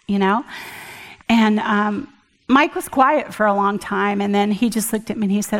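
An older woman giving an earnest personal testimony at church, halting often and restarting her sentences. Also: a little high, fairly even intonation, big-room sound. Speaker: church speaker.

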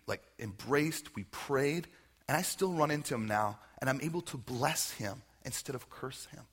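A male pastor delivering a sermon to his congregation, his voice gravelly and a little husky. He has a bright, forceful edge. He tells stories with animation and then drops into soft, earnest prayer. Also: a little high. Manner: storytelling preacher, animated, ends in soft prayer. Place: church service.

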